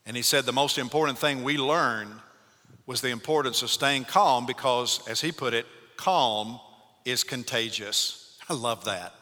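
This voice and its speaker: A male pastor giving a Sunday morning sermon, swinging between loud calls and hushed, calm speech. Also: medium pitch, moderate pace, big-room sound. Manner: dynamic preaching, shifts from loud to hushed.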